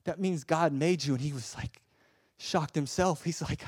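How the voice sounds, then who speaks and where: A man preaching a sermon with passion, swinging from loud urging to a soft hush and often stammering and repeating words. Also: fairly high pitch, moderate pace, slightly rough, dry recording.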